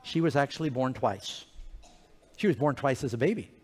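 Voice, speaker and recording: A man telling an animated, playful story sermon to children in a large church hall. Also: medium pitch, moderate pace, slightly rough. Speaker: preacher. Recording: reverberant hall.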